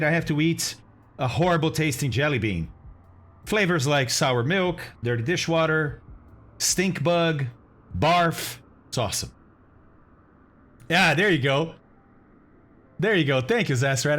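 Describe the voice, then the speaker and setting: A man's voice: a little high, lively intonation, measured pace, pauses often, fairly bright tone. A man chatting casually on a live stream, thanking viewers and exclaiming and groaning as he reacts to the chat. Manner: groaning and exclaiming over bad-tasting candy. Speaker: flight simulator streamer.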